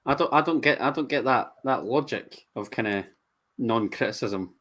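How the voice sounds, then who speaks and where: A man's voice: mid-range voice, animated, normal speed, a bit bright. A man co-hosting a live football stream, chatting in an enthusiastic, jokey way. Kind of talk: casual football chat.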